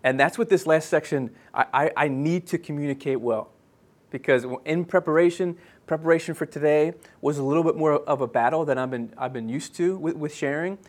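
A man in his thirties preaching a sermon as pastor, earnest and halting, with many restarts and fillers, dropping soft and slow on key phrases. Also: fairly high pitch.

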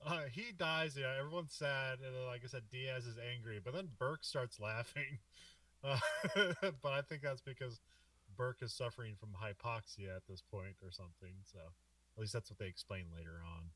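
A man's voice: mid-range voice, moderate pace, bright, forceful tone, no echo, recorded from a distance. A man co-hosting a podcast, recapping a film in a loose, rambling way and laughing often. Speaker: podcast co-host. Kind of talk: casual film discussion.

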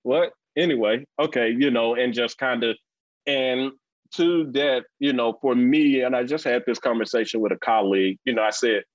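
A man in his forties with a Mississippi accent, a guest in a casual interview who tells stories bluntly and talks fast. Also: mid-range voice, no room sound. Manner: blunt, animated storyteller, fast-talking. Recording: dull lo-fi dry recording.

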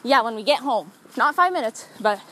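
A woman hosting a loose podcast chat with her friends, playful and rambling, her voice sitting a bit high. A faint hiss runs under the recording. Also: expressive, normal speed, pushed and bright. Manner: playful, rambling, frequent ums. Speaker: podcast host. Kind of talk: casual chat among friends.

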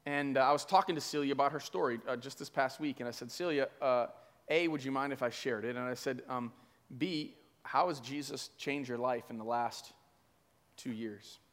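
A man's voice: medium pitch, steady tone, a little fast, fairly bright tone. A man preaching as a pastor, telling a story conversationally with many fillers. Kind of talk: sermon storytelling. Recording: long hall reverb.

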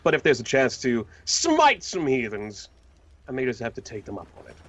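A man playing in a tabletop game, speaking partly in character with halting, stammering restarts. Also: medium pitch, wildly swooping pitch, a bit bright, lo-fi sound. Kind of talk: casual game chat with in-character lines.

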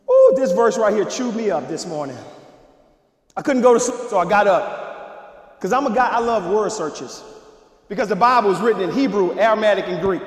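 Male pastor, very high voice, fiery sermon delivery that swings between shouting and quiet asides, reverberant sanctuary sound. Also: very animated, normal speed. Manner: emphatic preaching, swinging from shouts to low asides. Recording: echoey hall reverb.

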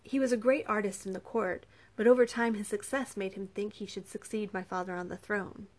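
A soft-spoken, persuasive prince who coaxes rather than commands, as a woman narrator puts him on. He speaks gently and patiently in a storybook reading, at a plain middle pitch. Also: steady tone, brisk, lightly acted. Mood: calm, persuasive. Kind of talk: audiobook character reading.

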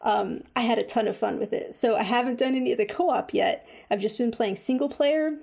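Woman, casual chat, slightly high pitch, filler-heavy, animated. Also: fairly quick, creaky. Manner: chatty, lots of fillers like "like" and "um"; excitable, animated retelling of her reactions. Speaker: video game reviewer.

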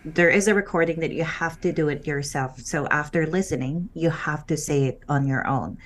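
Earnest and in no hurry, a Filipino woman with a low voice gives conversational answers as a guest who used to work in a call center. She's from the Philippines and speaks Filipino as her first language; she uses filler pauses, and there's a little hiss or hum in the audio.

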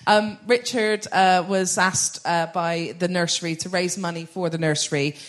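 A woman in her thirties with a Bristol accent, a guest comedian on a live podcast, brash, loud and sweary with a playful edge. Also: lowish voice, fairly even intonation, moderate pace. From Bristol, England. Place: live venue stage with an audience.

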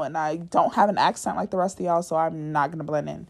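A woman's voice: low-pitched, fast, vocal fry, hardly any pauses. A young woman hosting a podcast, telling a dating story to her listeners in a blunt, profane, dramatic way, sometimes dropping to a near-whisper for asides.

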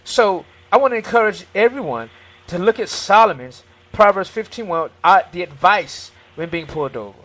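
A man's voice: high voice, lively intonation, normal speed, a bit bright. A man in an earnest faith-based discussion who quotes scripture and acts out his own encounters as dialogue.

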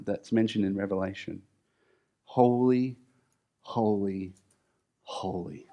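A man preaching a sermon, explaining scripture earnestly, building emphasis and then dropping to a soft, low voice.

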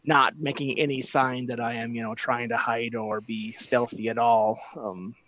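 A man playing a tabletop game, explaining what his character does and pausing often on fillers. His voice is medium-pitched. The sound is dry and slightly dull. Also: level tone, fairly bright tone, no room sound. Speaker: player. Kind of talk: casual tabletop game play.

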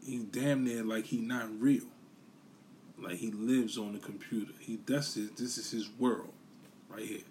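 A man's voice: fairly low pitch, fairly even intonation, measured pace, darkish tone, a little hiss or hum. A man hosting his own podcast, ranting bluntly and profanely in casual solo commentary, repeating his points for emphasis. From New York City. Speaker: podcast host.

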